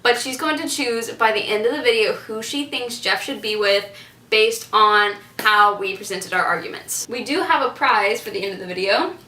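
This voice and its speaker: Brief: giggly young woman host, bright tense voice, recorded with a camera across an echoey room. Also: medium pitch, moderate pace, distant mic. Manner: giggly, chatty. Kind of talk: casual chat.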